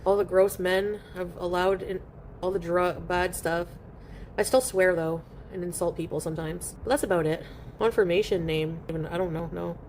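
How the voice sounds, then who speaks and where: A woman's voice: fairly low pitch, fairly even intonation, moderate pace, a little mellow, slight background noise. Chatty woman streaming from home. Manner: chatty and rambling, eating while talking. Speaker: live streamer. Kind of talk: casual live-stream chat, reading viewer comments aloud.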